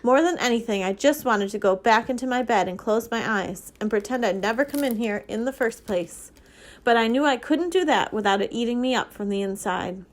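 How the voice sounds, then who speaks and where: A woman, a librarian, reading a children's novel aloud in a steady, expressive way. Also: on the high side, fairly quick. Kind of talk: storybook reading.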